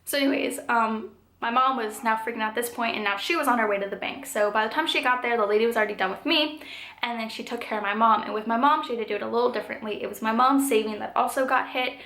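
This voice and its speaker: A woman's voice: fairly high pitch, fast, sharp tone. A woman in her twenties telling a storytime vlog in a chatty way, full of "like" and "um". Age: 20s. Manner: chatty, filler-heavy telling with frequent "like" and "um". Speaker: vlogger. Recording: echoey room.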